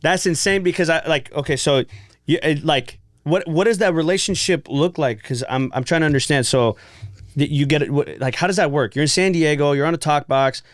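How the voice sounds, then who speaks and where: A man's voice: a little high, fairly quick, dry recording, clean studio sound. A man hosting a casual podcast interview, asking eager questions full of "like" and restarts. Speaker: podcast host.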